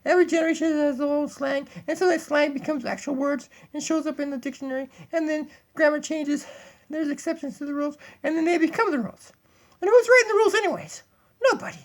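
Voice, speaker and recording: A man's voice: very high-pitched, steady tone, fast, voice pushed up. A man voicing a bossy female puppet dog who calls herself empress, rambling and giddy with laughs, recorded on a tablet in a home kitchen. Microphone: tablet built-in mic.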